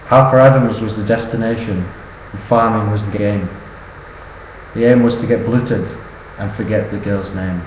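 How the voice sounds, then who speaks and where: A man's voice: lowish voice, fairly even intonation, normal speed. Man, early 20s, sing-song rhyming toast; roomy room, faint background hum. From northern England. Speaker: best friend giving a birthday toast. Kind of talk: reciting a humorous rhyming poem. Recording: roomy, dull sound with faint ambience.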